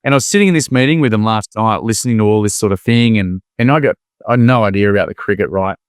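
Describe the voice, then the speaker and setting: An Australian man chats with animated energy, slipping into the voices of the people in his stories. His voice sits a little low and sounds smooth and resonant. The recording is dry and close. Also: quick pace, no echo. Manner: animated storyteller, acts out quoted voices. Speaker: podcast guest, former teacher. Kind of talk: casual conversation.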